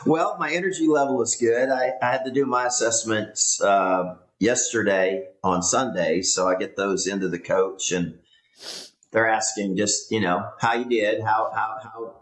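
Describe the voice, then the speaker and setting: A man co-hosting a podcast, talking in a relaxed, halting way with many fillers. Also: fairly low pitch. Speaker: podcast co-host. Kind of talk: casual chat. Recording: roomy echo.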